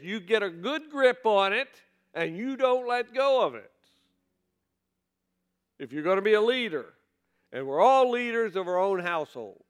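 A male pastor with a clear, smooth voice, high for a man, delivers a sermon. He walks his congregation through scripture in an easy, conversational way, often pausing to ask rhetorical questions.

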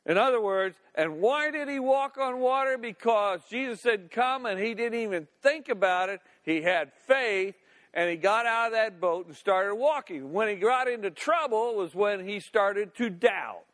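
A man's voice: high voice, animated, moderate pace, fairly bright tone. A man preaching a sermon in a folksy, playful way with laughing asides, recorded in a church sanctuary. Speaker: pastor. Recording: long reverb of a church hall.

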